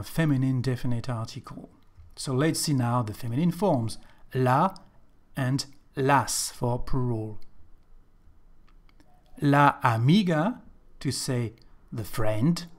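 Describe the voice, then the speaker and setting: Slow-paced male language teacher. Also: mid-range voice. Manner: slow, careful explaining, slightly non-native English phrasing. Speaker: Spanish teacher. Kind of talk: language lesson narration.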